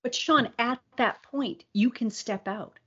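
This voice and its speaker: A woman's voice: a little high, a little slow, a bit bright, breathy edge, dull audio. A woman co-hosting a podcast, talking in an earnest, reflective way in casual conversation. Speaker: podcast co-host.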